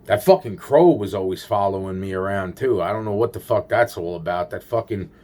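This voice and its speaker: A man's voice: low-pitched, fairly quick, dark tone. A man rambling through a paranoid personal story, swearing constantly and restarting his sentences.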